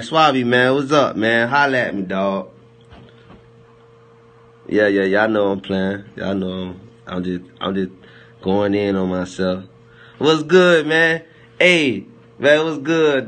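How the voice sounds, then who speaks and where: A young man with a mid-range, slightly bright voice chats loosely on a phone livestream. He rambles, laughs, and teases his viewers in heavy slang, keeping the talk jokey and loose.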